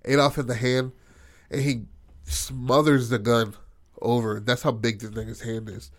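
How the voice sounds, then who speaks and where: A man's voice: mid-range voice, measured pace, no echo. A man casually retelling a tabletop game session, swearing freely and acting out the characters' lines. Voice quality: profane, animated, acts out characters' lines. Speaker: storyteller recounting a tabletop game. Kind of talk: casual storytelling chat.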